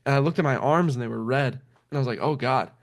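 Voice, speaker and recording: A fast-talking young man with a medium pitch tells a story casually. He's animated, acting out other people's words and frequently swearing and laughing.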